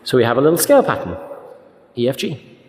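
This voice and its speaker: A man teaching a group music lesson, now and then singing notes and syllables in a high voice. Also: wildly swooping pitch, quick pace, a little mellow, echoey room, in a large hall. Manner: sings note names and syllables in a high voice.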